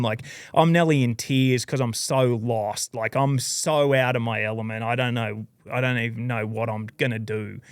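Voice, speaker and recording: A man with an Australian accent recounting his journey as a podcast guest, casual and animated, leaning on "dude" and "like" as he goes. His voice is smooth and resonant, recorded close and dry with no room sound. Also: mid-range voice, normal speed, no room sound. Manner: lively, rambling storyteller, says "dude" and "like" a lot. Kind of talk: casual storytelling interview.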